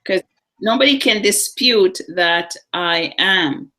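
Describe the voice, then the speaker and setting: A middle-aged woman co-hosting a live psychic talk show, telling personal stories in a lively, animated way. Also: mid-range voice, slow. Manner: storytelling, animated, acts out voices in anecdotes. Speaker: psychic co-host. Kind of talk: casual chat on a live show.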